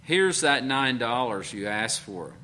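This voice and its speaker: A tired, irritable father speaking gruffly and with little patience, as a preacher puts him on. His tone is plain, everyday, and short-tempered. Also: medium pitch, lively intonation, slow, pushed and bright, a little hiss or hum. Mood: apologetic.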